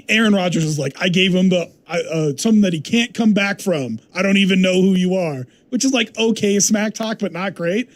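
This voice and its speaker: A young man filling in as a sports talk radio host, telling stories in an animated way, acting out quotes and laughing easily. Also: sits high. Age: young adult. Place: radio studio.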